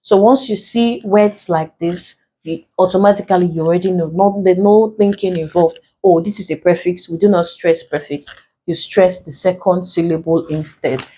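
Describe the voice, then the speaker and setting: A woman with a Nigerian English accent tutoring an exam-prep lesson, slow and deliberate, repeating key points as she writes on a board. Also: on the low side, steady tone, mellow, breathy edge, poor audio.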